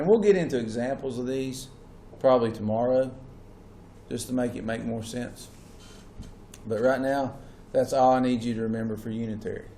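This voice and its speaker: A man's voice: medium pitch, warm tone. Man lecturing a class. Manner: checks in with students often. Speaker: teacher. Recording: echoey classroom with faint hum.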